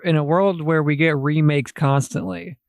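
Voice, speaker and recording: A man on a casual film podcast, giving blunt, laid-back takes with casual swearing. His fairly high voice has a gravelly edge, and it is recorded dry with no room echo. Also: steady tone, moderate pace. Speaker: podcast co-host. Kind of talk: casual film review chat.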